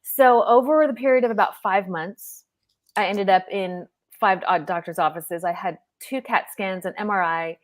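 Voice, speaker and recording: A woman's voice: mid-range voice, normal speed. A middle-aged woman telling a personal story as a guest on a live stream, speaking earnestly and vividly over a video call. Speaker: guest panelist.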